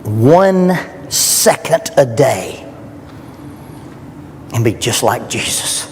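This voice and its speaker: Very animated and drawing out his words, a middle-aged man with a medium-pitched voice delivers an earnest, emphatic sermon at a church youth rally. He asks rhetorical questions, and the church hall adds long reverb over faint background noise.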